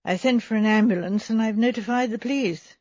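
A woman's voice: fairly high pitch, brisk, a little mellow, no room sound, lightly acted. Woman doing a grave, clinical country doctor. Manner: clinical, explanatory. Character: grave, matter-of-fact country doctor, male. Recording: slightly dull recording.

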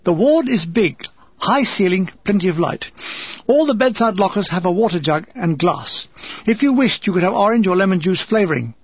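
An older man reads his wartime memoir with wry, dry humour. His voice is high and husky. It is recorded close and dry on a dull lo-fi track. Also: animated, normal speed, no echo. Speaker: memoir reader. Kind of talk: reading a wartime memoir aloud.

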